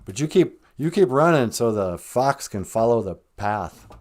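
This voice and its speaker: A man's voice: medium pitch, sing-song, unhurried, darkish tone. A man voicing a male trickster rabbit in a spoken folk tale, gloating and cheeky. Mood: scheming.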